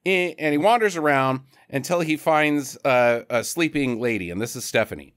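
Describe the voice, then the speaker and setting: A man's voice: on the high side, animated, moderate pace, a bit bright, clear, resonant tone, no echo, studio quality. Rambling male podcast host. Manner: rambling storyteller who slips into voices. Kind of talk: casual chat, movie recap.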